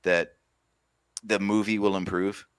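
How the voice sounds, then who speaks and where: A man's voice: deep voice, little pitch movement, a little slow, smooth, no room sound. A man co-hosting a podcast in casual chat, joking wryly and calling in on his phone. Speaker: podcast co-host. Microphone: phone on a video call.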